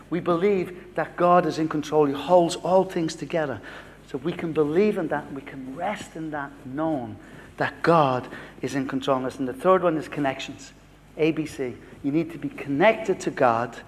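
A man's voice: fairly high pitch, in a large hall. A man in his fifties, a pastor, preaching a sermon built on a personal story and acting out the dialogue.

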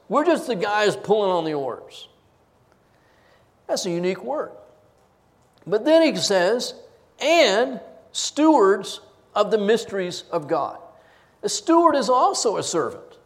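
Emphatic high-voiced preacher in a hall. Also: male voice. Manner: emphatic, swings from loud stresses to low asides. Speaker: pastor. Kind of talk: expository sermon. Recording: reverberant hall.

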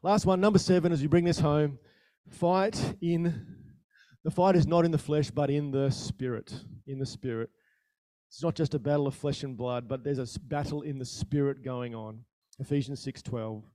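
Man preaching, warm relaxed tone, dry close sound, chatty rhetorical questions, animated storytelling. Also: a little high, moderate pace, no room sound. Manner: animated storytelling with sudden rises in volume. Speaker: pastor. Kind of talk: sermon.

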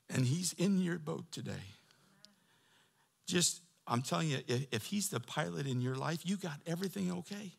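A man preaching a sermon, moving from quiet storytelling to loud, fervent preaching. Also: fairly high pitch, gravelly, slightly rough. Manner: builds from quiet talk to loud, preaching fervor. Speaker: pastor.

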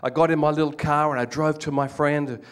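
A man's voice: a little high, fairly quick, clean tone. An older man with an Australian accent preaching a sermon, telling stories with jokes and acting out the voices of people in them. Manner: animated storytelling with jokes, acts out quoted voices.

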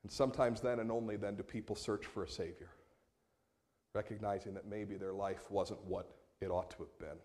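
A man preaching a sermon as pastor, moving between quiet, slowed passages and raised, emphatic appeals. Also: lowish voice, fairly even intonation.

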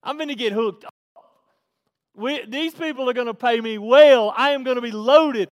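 Pastor voicing a gleeful greedy schemer, drawl, very high and shouting, echoing hall. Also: male voice, moderate pace. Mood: giddy. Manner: exuberant, shouting, laughing. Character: giddy greedy man, gloating over a loophole. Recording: long reverb in a large hall.

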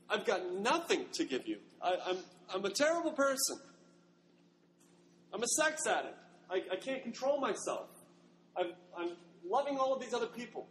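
A man voicing a desperate young woman who is being sold as a slave, speaking in a pleading, self-condemning way. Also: on the low side. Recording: long hall reverb, faint noise.

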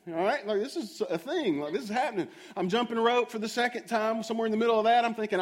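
A man's voice: high voice, fast, few pauses. A man preaching a sermon, telling a self-mocking story and asking the audience questions directly.

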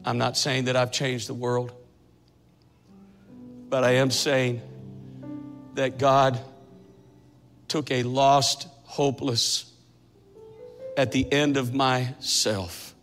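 A man in his sixties preaching a testimony sermon, telling his story dramatically and building to fervent shouting. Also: mid-range voice, little pitch movement, slow, pauses often. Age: 60s. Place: church sanctuary. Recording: echoey church hall with faint music.

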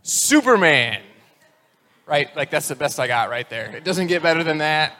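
A man's voice: on the high side, a little fast, sharp tone, big-room sound. A man in his forties preaching a sermon as pastor, conversational and self-deprecating, slipping into voiced characters when he tells a joke.

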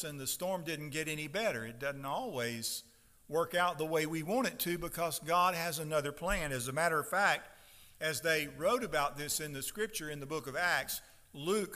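A man in his fifties preaching a sermon to his congregation, talking plainly and then raising his voice to stress the words when he reads scripture. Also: fairly high pitch. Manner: emphatic preaching, rising to loud scripture readings. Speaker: pastor. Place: church sanctuary. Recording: long hall reverb.

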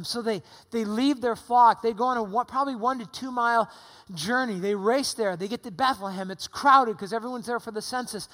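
A man's voice: extremely high pitch, fairly quick, fairly bright tone. A middle-aged man preaching a sermon in a church, conversational, with rhetorical questions, while recovering from pneumonia. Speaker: pastor. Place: church sanctuary. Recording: long hall reverb.

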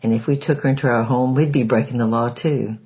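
A man's voice: medium pitch, steady tone, brisk, a little mellow, lightly acted, rough recording. A man reading aloud, voicing a stiff, defensive minister in his own voice. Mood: cold, dismissive. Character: indignant, cold-hearted minister, a grown man.

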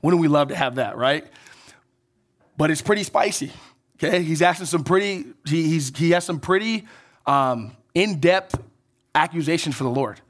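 Man, pastor, sermon, slightly high voice, animated, conversational, checks in with listeners. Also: moderate pace. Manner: conversational preaching with frequent "right?" and "okay?" check-ins; animated, swinging between emphatic rises and soft drops.

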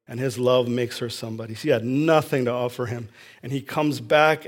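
A male pastor delivering a sermon with real passion. His voice climbs and swells on emphatic lines, then drops to a near hush for tender moments. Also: mid-range voice. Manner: impassioned, swings from loud to hushed.

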